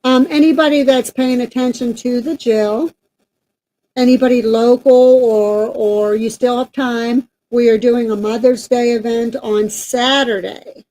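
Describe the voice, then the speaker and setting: Chatty woman with a mellow voice. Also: on the high side, fairly even intonation, measured pace, low-quality recording. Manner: chatty, rambling with many fillers. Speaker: paranormal team member and co-host. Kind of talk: casual announcement chat.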